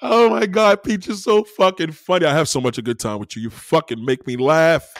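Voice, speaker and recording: Brief: man doing a gushing, starstruck young woman, high and breathless. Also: brisk, dry recording, natural voice. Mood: swooning.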